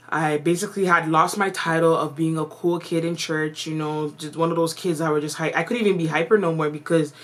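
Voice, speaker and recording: Brief: woman vlogger from Canada, casual slangy storytelling, lower pitched. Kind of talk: storytime vlog.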